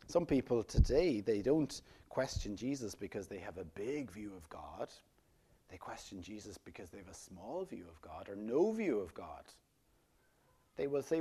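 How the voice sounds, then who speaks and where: A man delivers a sermon in a husky, mellow voice. His pitch rises and falls widely as he asks his listeners rhetorical questions. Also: lively intonation, measured pace. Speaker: pastor.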